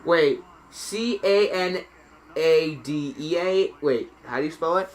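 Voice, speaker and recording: A man giving live play-by-play reaction commentary on a hockey game, excitable and getting loud on penalties, with chatty asides between plays. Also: fairly high pitch, slow pace. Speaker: streamer calling the game.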